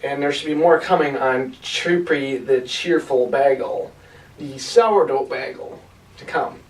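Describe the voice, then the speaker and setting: A man's voice: medium pitch, a little slow, roomy sound, recorded from a distance, rough recording. A man giving an enthusiastic, rambling voice-over commentary as a video host.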